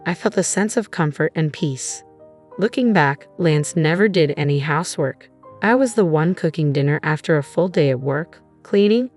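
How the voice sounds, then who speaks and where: A woman narrating a first-person story in a steady, measured manner. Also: sits low.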